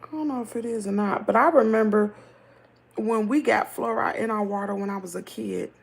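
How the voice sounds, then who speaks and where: A middle-aged woman with a Southern American accent hosts a livestream, chatting casually and reading viewer comments in a lively, talkative way. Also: medium pitch, fairly quick, gravelly, slightly rough. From Southern United States. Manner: chatty, animated, laughs easily. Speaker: livestream host.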